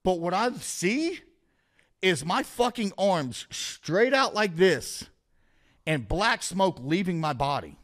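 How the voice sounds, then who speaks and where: Foul-mouthed storytelling man, slightly high voice. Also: very animated, takes it slowly, fairly bright tone. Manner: profane, rambling, vivid play-by-play. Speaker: podcast guest. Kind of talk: casual storytelling.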